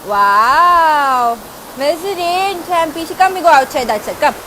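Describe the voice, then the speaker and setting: A woman's voice: very high-pitched, fairly quick, poor audio. A woman chatting on a casual live stream from home, often slipping into coaxing baby talk for her pet dog. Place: at home by the rain. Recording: steady rain noise behind.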